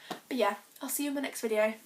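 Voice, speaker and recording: Teen girl on her vlog, kinda high voice, choked up n halting, really earnest. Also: a little hiss or hum. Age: teens. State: choked up, tearful. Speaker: vlogger. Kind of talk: personal confessional vlog.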